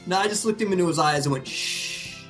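A man co-hosting a podcast, telling a story in a casual, comedic way, animated and profane, laughing at himself. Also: sits high, racing, soft background music. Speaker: podcast co-host.

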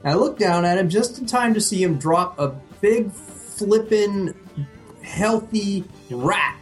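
Animated man telling a profane story. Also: sits high, slow, faint music behind. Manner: animated, profane, laughing at his own story. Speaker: podcast co-host. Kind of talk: casual comedic storytelling.

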